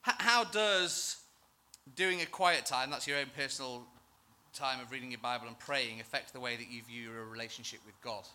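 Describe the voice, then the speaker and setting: A man's voice: mid-range voice, normal speed, sharp tone. A male church minister preaching a sermon in an earnest, emphatic, self-deprecating way.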